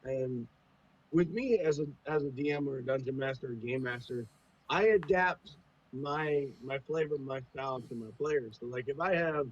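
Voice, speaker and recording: A man's voice: mid-range voice, normal speed, breathy edge, dull audio. A man who runs tabletop games, talking in a laid-back, profane way as a podcast guest. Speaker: podcast guest, game master. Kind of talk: casual chat.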